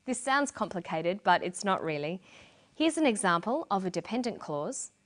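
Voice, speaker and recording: A middle-aged woman explains points of English to learners in a scripted lesson. She speaks clearly and deliberately. Her intonation moves lively up and down. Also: medium pitch. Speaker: English teacher presenter. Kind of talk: scripted educational narration.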